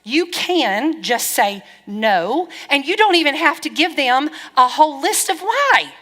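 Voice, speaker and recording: A middle-aged woman pastor preaching with a bright, forceful voice pitched a little high. She talks frankly and with wry humor, slipping into quoted back-and-forth. Her voice carries a long reverb from the church hall. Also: unhurried. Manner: lively, frank, wry storytelling with quoted dialogue. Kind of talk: sermon.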